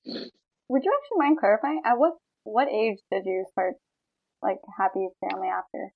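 A woman's voice: medium pitch, expressive, moderate pace. A young woman in her twenties asks questions in a casual interview. She is friendly and a bit hesitant, with many fillers. The sound is a little dull. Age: 20s. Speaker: student interviewer.

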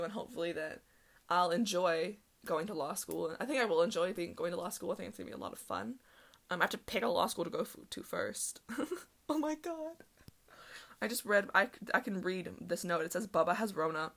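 A young woman hosting a casual solo podcast, talking fast and rambling with lots of "like" and laughs. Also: lowish voice, creaky, fairly bright tone. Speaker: podcast host.

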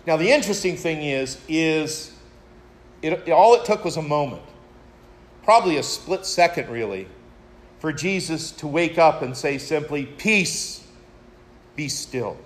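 A man's voice: fairly high pitch, expressive, moderate pace. A man preaching a sermon, retelling a story in a reflective way and addressing his listeners as friends. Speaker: pastor.

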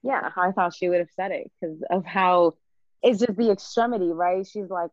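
A woman's voice: lowish voice, normal speed, a little mellow, dry recording. Casual woman podcast host, dry muffled sound. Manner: laughs often, fillers and restarts. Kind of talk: casual chat and poetry reading.

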